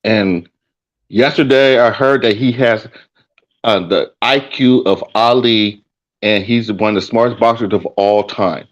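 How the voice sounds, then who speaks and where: A man's voice: on the low side, measured pace, muffled recording. A man calling in to a show, talking casually and repeating himself. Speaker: caller.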